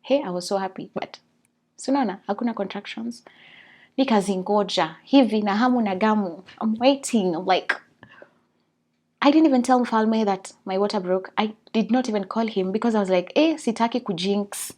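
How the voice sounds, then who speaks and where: A woman's voice: medium pitch, normal speed. A woman with a Kenyan accent, casually telling a personal story to her vlog audience and moving freely between English and Swahili. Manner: animated, mixes English and Swahili. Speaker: vlogger.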